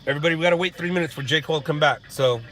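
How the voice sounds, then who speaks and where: Talking very fast in a fairly high, fairly bright voice, a man live streams while parked in a parking lot at sunset. He jokes around and casually answers questions from the chat in an easygoing way.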